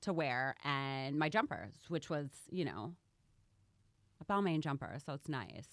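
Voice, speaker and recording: A woman hosting a podcast, chatting quickly and animatedly with a comedian guest. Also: low-pitched, big pitch swings, no echo. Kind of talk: casual chat.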